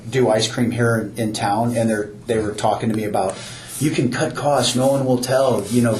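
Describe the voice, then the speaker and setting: A man's voice: mid-range voice, a little hiss or hum. A man, a new business owner, talking earnestly in a casual podcast chat and often repeating words as he starts sentences. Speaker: new owner of an ice cream stand. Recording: roomy with faint background ambience.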